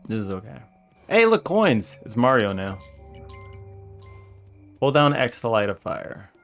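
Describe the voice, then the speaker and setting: Gravelly-voiced man streaming a game. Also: on the low side, a little slow, faint music behind. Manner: excitable, yells at game characters with mock outrage. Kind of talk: casual let's-play commentary.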